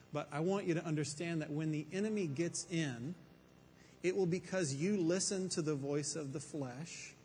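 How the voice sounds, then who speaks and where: Preaching a Bible teaching to a roomful of listeners, a man speaks in a voice on the high side with a darkish tone. He's conversational but emphatic, posing rhetorical questions, and the recording carries faint reverb and background noise.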